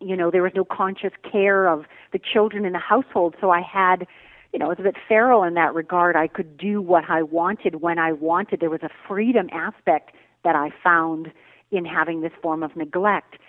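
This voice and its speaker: A woman guest, a meditation teacher, speaking in a thoughtful, searching way with many pauses. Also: fairly low pitch, steady tone, no echo. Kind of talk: reflective spiritual interview talk. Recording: phone-like remote call audio.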